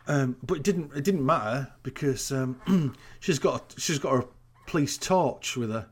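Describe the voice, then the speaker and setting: On a casual podcast, a man recaps a TV episode, his medium-pitched voice lively in intonation, a little slow, with a breathy edge. He's incredulous and sweary, ranting like a storyteller about the plot holes.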